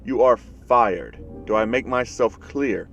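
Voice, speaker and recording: A man's voice: medium pitch, animated, a little slow, faint music behind, lightly acted. A man voicing a pompous, scheming male mouse principal who issues threats in a fan story. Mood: haughty scheming. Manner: haughty, threatening.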